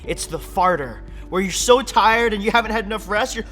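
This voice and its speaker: A young man giving an energetic, playful sermon for children, full of jokes and acted-out voices. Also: high voice, a little fast, hardly any pauses, soft background music. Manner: playful, animated, acts out silly voices and laughs. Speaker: kids ministry speaker.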